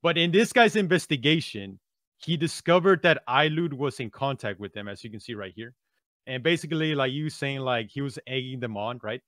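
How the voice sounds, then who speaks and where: A man co-hosting a podcast, telling a story in an animated way and often checking in with "right?". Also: mid-range voice, a little fast, no room sound, studio quality. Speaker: podcast co-host. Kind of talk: casual podcast discussion.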